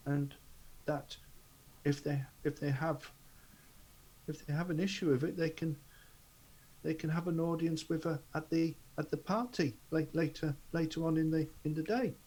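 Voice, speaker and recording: A man's voice: a little high, fairly even intonation, normal speed, pauses often, darkish tone, low-quality recording. A man playing a tabletop game who speaks hesitantly and repeats words as he thinks. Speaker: player.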